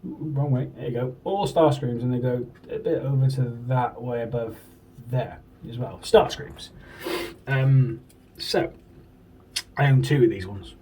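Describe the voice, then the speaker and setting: A man's voice: mid-range voice, measured pace, mellow, recorded from a distance, slight background noise, poor audio. A man from the UK, chatting casually and enthusiastically as a toy collector and swearing now and then. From United Kingdom. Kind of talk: casual chat. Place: home room.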